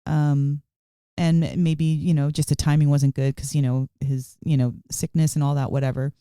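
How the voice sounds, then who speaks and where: A woman's voice: low voice, level tone, normal speed, mellow, clear, resonant tone, dry recording, studio quality. A woman co-hosting a podcast in casual chat, talking in an earnest, heartfelt and effusive way. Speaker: podcast co-host.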